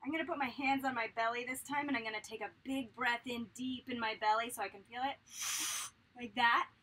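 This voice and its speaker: A woman teaching a vocal warm-up lesson to children, cheerful and encouraging. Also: on the high side, fairly even intonation, brisk.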